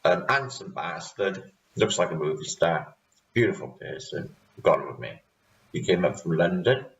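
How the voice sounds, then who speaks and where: Welsh man, fairly low voice, chatty vlog recap, laughs often, far from the mic in a dull-sounding room. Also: very animated, moderate pace, gravelly. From Wales. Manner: chatty, rambling, laughs a lot. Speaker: channel host. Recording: roomy, distant, dull sound.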